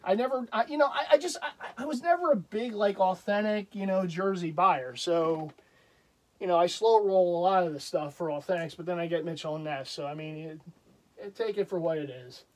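A man's voice: high-pitched, normal speed, a little mellow. A man casually showing off his collection in a rambling, self-deprecating vlog, chuckling often. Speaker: jersey collector vlogger. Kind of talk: casual show-and-tell vlog.

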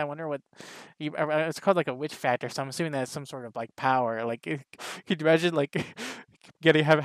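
A man's voice: fairly high pitch, a bit bright, clear, resonant tone, no room sound. A man reviewing an anime episode in casual, rambling talk, full of "like" and restarts. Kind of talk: casual reaction commentary.

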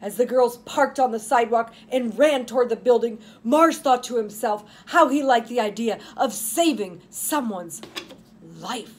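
A woman's voice: fairly high pitch, a little slow, slight background noise. A woman in her fifties, a nurse and author, reading her novel aloud dramatically and chatting between chapters. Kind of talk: audiobook narration and podcast chat.

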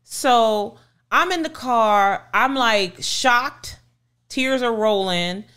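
On a casual podcast, a middle-aged woman co-host retells a story with lots of animation, acting out the voices of the people in it. Her voice sits on the high side and is a bit bright and clean, and she speaks extremely slowly.

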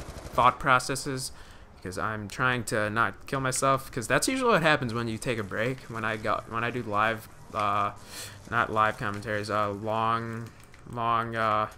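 A man's voice: on the low side, pushed and bright, a little hiss or hum. A young man giving live gameplay commentary, rambling with many fillers and restarts, swearing when startled. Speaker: gaming commentator.

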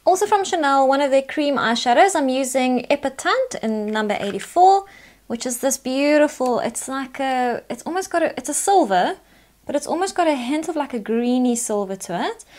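High-voiced woman explaining makeup. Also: expressive, normal speed, a little mellow. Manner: chatty, instructive, talks through each step. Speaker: makeup tutorial host. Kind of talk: step-by-step makeup tutorial narration.

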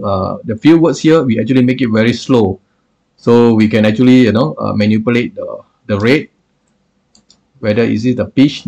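A man reviewing software in a screen-recorded tutorial, explaining with many hesitations and filler phrases. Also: mid-range voice, creaky, breathy edge.

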